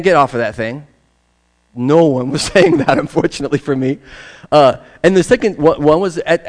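A man preaching a sermon, telling a personal story in an animated way that swings from loud to hushed. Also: on the high side, rough recording. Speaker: pastor.

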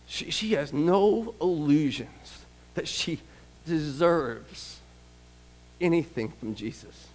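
A man's voice: on the high side, expressive, slow pace, slight background noise. A man preaching a sermon, telling stories in a conversational way with asides to the congregation. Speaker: pastor. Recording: long reverb of a large hall.

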